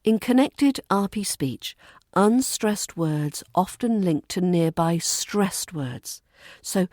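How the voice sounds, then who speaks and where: British rp lady teaching pronunciation, slow and careful, voice swoops up and down a lot. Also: fairly low pitch, animated, darkish tone, dry recording, studio quality. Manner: slow, deliberate, modelling example sentences aloud. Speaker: accent coach. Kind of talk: pronunciation lesson.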